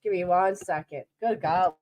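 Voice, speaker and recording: A woman's voice: lowish voice, moderate pace, darkish tone, slight background noise. A woman hosting a drama commentary channel, reacting to a clip with blunt, sarcastic remarks and frequent laughter.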